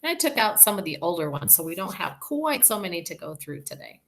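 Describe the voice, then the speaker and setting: A woman teacher leading a reading lesson for young children, talking slowly and clearly in an encouraging way. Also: lowish voice, big pitch swings, a bit bright. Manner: slow, clear and encouraging, sounding out words.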